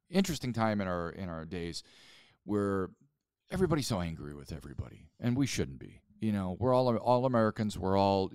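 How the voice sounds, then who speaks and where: A man's voice: fairly low pitch, darkish tone, clear, resonant tone, no room sound, studio quality. A man who founded a museum, telling stories in a casual interview, recorded at the museum. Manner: chatty storyteller. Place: rock museum.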